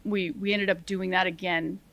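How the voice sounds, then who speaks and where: A middle-aged woman, a retired Army sergeant, telling stories as a podcast guest in a lively, self-deprecating way, laughing often and acting out what people said. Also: lowish voice, normal speed, vocal fry, muffled recording. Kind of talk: casual interview storytelling.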